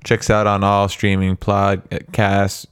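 Man, lowish voice, easygoing podcast co-host who laughs a lot. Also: completely flat delivery, slow pace, clear, resonant tone. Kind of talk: casual chat.

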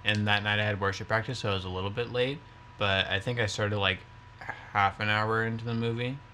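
An easygoing man chats on a casual podcast. His voice sits slightly low and comfortable. He rambles through stories freely. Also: steady tone, fairly quick, bright, forceful tone, a little hiss or hum. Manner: easygoing, chatty. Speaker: podcast co-host. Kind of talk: casual chat.

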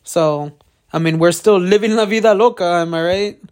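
Co-hosting a casual podcast chat, a man who is congested and coughing rambles along, swearing heavily and laughing frequently. His voice is high with a darkish tone, at normal speed.

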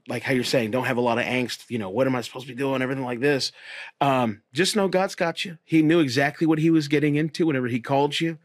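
A man, a pastor and host, talking earnestly and encouragingly about faith in a relaxed conversation. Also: mid-range voice, dry recording, clean studio sound. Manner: earnest, encouraging, repeats phrases.

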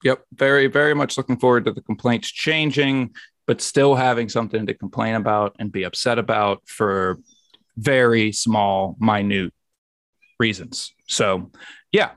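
A man's voice: lowish voice, steady tone, a little slow, a bit bright, no echo, studio quality. A man hosting a casual podcast, easygoing and a little rambling. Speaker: podcast host.

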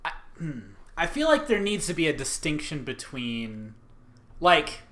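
A man's voice: a little high, sing-song, unhurried, a bit bright. A man in casual conversation, talking thoughtfully and searching for his words.

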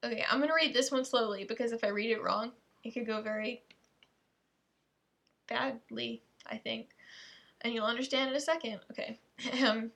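With a somewhat high, gravelly, slightly bright voice, a woman reads tongue twisters at normal speed, her intonation fairly even and her pauses frequent. She comments playfully and with exasperation, often stopping mid-sentence for asides.

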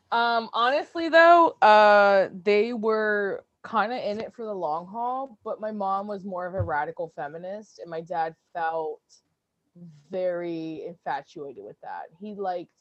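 A woman's voice: medium pitch, slow, dry recording, lo-fi sound. A young woman from New York co-hosting a podcast, chatting playfully and laughing often. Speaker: podcast co-host. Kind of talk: casual chat.

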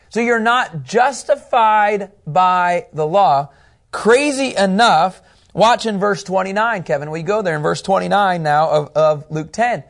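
Higher-pitched guy teaching bible to a class, lively, keeps asking the room questions. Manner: animated, asks the class questions.

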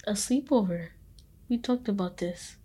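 A young woman co-hosting a casual podcast with an ordinary mid-range voice. She tells her stories in a relaxed, matter-of-fact way, talking easily with a friend. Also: medium pitch, a little slow, husky. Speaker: podcast co-host. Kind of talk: casual chat.

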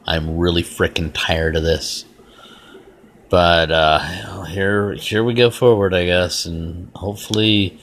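A man's voice: low-pitched, fairly bright tone. A man hosting his own podcast, ranting bluntly and rambling in an exasperated, casual way. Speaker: podcast host. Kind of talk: solo casual rant.

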